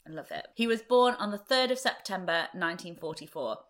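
A young woman hosting a true-crime podcast, chatting fast and laughing often. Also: lowish voice, expressive, slight background noise. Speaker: podcast host.

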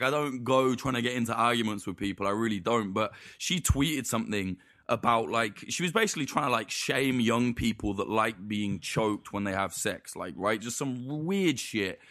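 A man's voice: mid-range voice, fairly bright tone, no echo, studio quality. A man in casual podcast chat, telling stories in a rambling, profane way full of false starts.

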